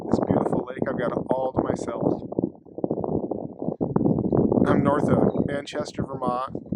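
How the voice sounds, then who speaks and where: A man's voice: mid-range voice, heavy background noise. A man vlogging his solo hike in a casual, playful, rambling way, talking outdoors by a lake into a handheld camera. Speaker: solo hiker filming his trip. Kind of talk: casual trail vlog.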